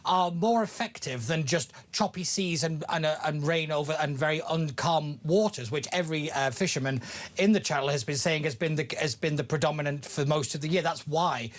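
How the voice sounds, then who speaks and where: Male guest, fairly high voice, ranting, emphatic. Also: brisk. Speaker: studio guest commentator. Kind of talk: heated opinion talk.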